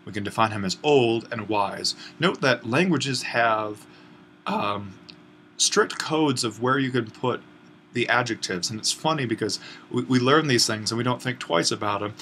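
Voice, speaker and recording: Here a Greek instructor with a fairly low voice, pushed and bright in quality, explains a grammar exercise to students in an online lesson. He's patient but keeps pausing and restarting, dropping small "uh"s as he works through his thoughts. A soft room hum can be heard underneath.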